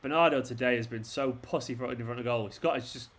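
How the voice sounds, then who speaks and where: A man's voice: mid-range voice, fast. A young man hosting a football watchalong stream, ranting at the players on screen and swearing often. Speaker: fan channel host. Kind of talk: live football watchalong commentary.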